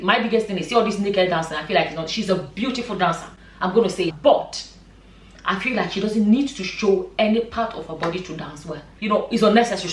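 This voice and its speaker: A woman vlogger and mother giving her opinion in a passionate, emphatic way, repeating points for stress. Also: lowish voice. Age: adult, a mother. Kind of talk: opinion vlog commentary. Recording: echoey room, mic at a distance.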